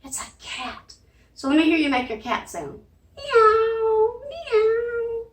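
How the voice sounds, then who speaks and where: A woman leads a children's sing-along, her high voice swinging up and down as she coaxes and makes animal noises. She sounds set back from the mic in an echoey room. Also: sing-song, moderate pace, far from the mic. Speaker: children's librarian. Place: library room.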